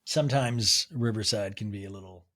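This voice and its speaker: A man hosting a solo podcast recap, talking in an animated, rambling way and swearing freely. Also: fairly low pitch, a little fast, very noisy. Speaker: podcast host.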